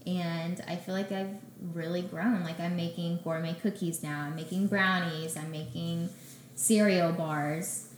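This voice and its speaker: A young woman telling her story as a guest in a casual interview, acting out her own quotes with animated energy. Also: on the low side, a little slow, a little hiss or hum. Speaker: guest, baker and business owner. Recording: echoey room with faint ambience.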